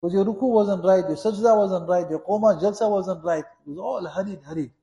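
Recorded in an echoey room, this male Islamic preacher has a high-pitched, dark-toned voice and talks a little fast with few pauses. His sermon is earnest and exhorting, with points repeated for emphasis.

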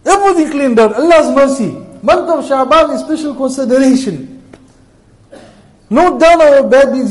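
Preaching to his congregation, a man tells a moral story with impassioned, emotional appeals, swinging between loud and hushed passages. His voice is very high-pitched and animated at normal speed, on a low-quality recording.

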